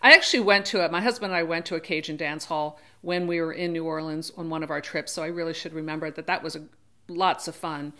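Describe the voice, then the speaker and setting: Talking fast in a deep, pushed, bright voice, a channel host discusses a book in a chatty, wandering way. She frequently restarts and self-corrects, and briefly acts out characters' voices.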